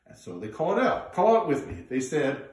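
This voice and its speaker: A man telling a folk tale in an animated, drawn-out way, coaxing listeners to join in, heard in an echoey room from a distance. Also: fairly high pitch. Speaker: storyteller. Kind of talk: live folk storytelling with audience participation.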